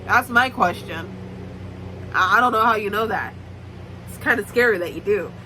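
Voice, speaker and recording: A woman's voice: medium pitch, moderate pace, pushed and bright, slight background noise, poor audio. A young woman giving a casual, blunt, swear-heavy recap of a book series. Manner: blunt, profane, joking commentary. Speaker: book YouTuber.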